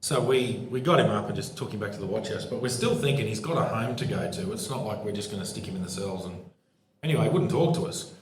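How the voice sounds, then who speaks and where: A man's voice: on the low side, expressive, fast, a little hiss or hum. A man, a former police supervisor, telling laughing anecdotes as co-host of a live podcast show. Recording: echoey live pub room.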